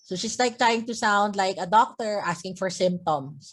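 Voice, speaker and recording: A woman's voice: mid-range voice, a little slow. A woman teacher talking through a poem in class, often checking in with "okay?" and repeating herself as she explains. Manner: checks understanding with frequent "okay?"; restarts and repeats words while explaining. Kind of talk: literature lesson explaining a poem.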